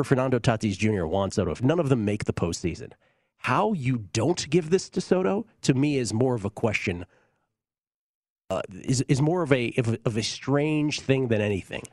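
A man's voice: fairly low pitch, no echo, studio quality. A man hosting a sports betting show, giving blunt, confident opinions in casual talk.

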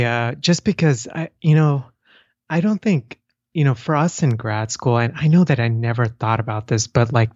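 A man's voice: medium pitch, no echo. Earnest male podcast guest, dull sound. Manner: earnest, restarts often, laughs lightly. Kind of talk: casual interview chat.

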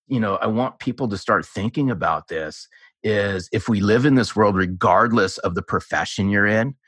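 Deep, forceful male sales coach. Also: breathy edge, dry recording, clean studio sound. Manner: emphatic, persuasive, coaching. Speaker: guest, sales author. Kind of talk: conversational interview answers.

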